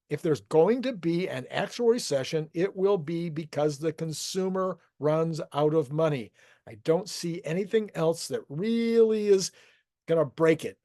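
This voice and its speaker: A man's voice: on the high side, a little mellow, dry recording, clean studio sound. Man giving casual market commentary. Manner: conversational, thinking aloud with restarts.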